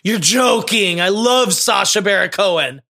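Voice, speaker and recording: A man with a high, bright, sharp voice chats casually as a podcast co-host. He gushes and gets openly emotional, piling on feeling. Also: lively intonation, a little slow, vocal fry. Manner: effusive, emotional, gushing. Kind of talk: casual movie discussion.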